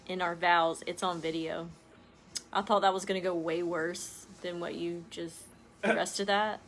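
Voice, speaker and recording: A woman's voice: lowish voice, moderate pace, slight background noise. Giggly woman chatting casually. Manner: giggly, animated storytelling. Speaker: co-host of a crafting channel. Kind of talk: casual chat while crafting.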